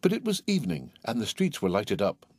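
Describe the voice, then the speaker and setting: A male narrator reads a classic tale with theatrical flair. His pitch rises and falls in lively sweeps over a middle register, and the recording is close and dry. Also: a little fast, no echo. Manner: animated, theatrical. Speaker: audiobook narrator. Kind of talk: expressive audiobook reading.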